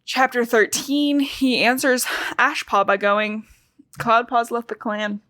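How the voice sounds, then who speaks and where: A young woman talks through a book recap on a podcast, casual and full of filler "like"s and wry asides. Her voice is bright and sits a little high. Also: little pitch movement, takes it slowly, no echo. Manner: chatty, heavy use of "like", jokey asides. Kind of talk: casual chat.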